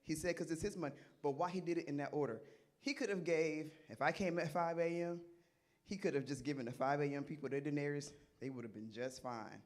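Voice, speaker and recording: A man's voice: on the high side, a little fast. A middle-aged man leading an interactive sermon as a Bible study teacher. He asks the audience questions, repeats their answers and laughs often. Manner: animated and playful, laughs often.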